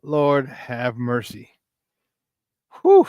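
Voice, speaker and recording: A male sports talk host with a slightly high voice on a dry, close recording. He calls out viewers by name with loud excitement, then sinks into low, weary grumbling between shout-outs. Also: moderate pace, long pauses, dry recording. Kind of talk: casual morning sports talk show.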